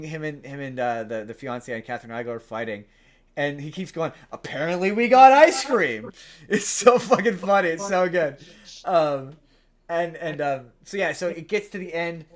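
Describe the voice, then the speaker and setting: A podcast host in casual chat, walking through a film's story with lots of animated detours. His voice sits a bit on the high side for a man. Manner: rambling, animated plot retelling.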